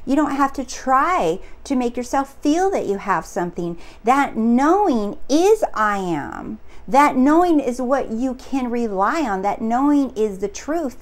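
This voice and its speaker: Earnest woman giving spiritual talk. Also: fairly high pitch. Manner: earnest, repetitive, excitable. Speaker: spiritual coach. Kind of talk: casual teaching monologue.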